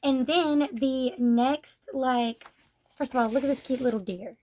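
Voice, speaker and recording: A chatty young woman with a high, light voice talks through a manga volume. Her delivery is casual and loose, with "like" dropped in every few words. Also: measured pace, a little mellow. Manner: chatty, says "like" often. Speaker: manga reviewer. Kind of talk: casual book review.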